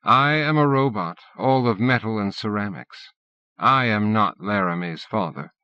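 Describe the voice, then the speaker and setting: A man voicing a reflective robot that carries a dead man's memories, in a calm, measured way. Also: lowish voice, clear, resonant tone, dry recording, close to an everyday voice. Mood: despairing. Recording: dull dry cassette-era audiobook recording.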